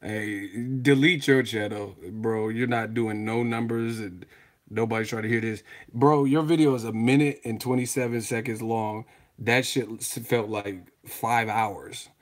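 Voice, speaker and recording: A man's voice: medium pitch, steady tone, unhurried. A man hosting a livestream reaction show, trash-talking in a brash, profane way. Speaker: boxing channel host.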